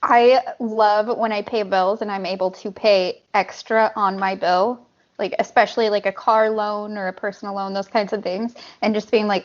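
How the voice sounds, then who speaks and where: A woman's voice: medium pitch, steady tone, normal speed, lo-fi sound. A woman co-hosting a podcast, chatting casually and enthusiastically and swearing freely. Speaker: podcast co-host.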